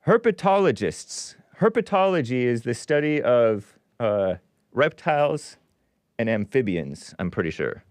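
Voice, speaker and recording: Animated sarcastic male host, dry mic. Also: medium pitch, measured pace, no room sound. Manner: sarcastic asides, animated ups and downs. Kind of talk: casual commentary reading news aloud.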